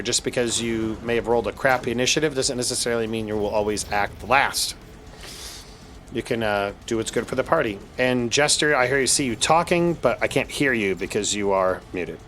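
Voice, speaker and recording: A man's voice: mid-range voice, a little fast, a bit bright, a little hiss or hum. A man playing in an online tabletop game, chatting casually, laughing often and explaining the rules. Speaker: player.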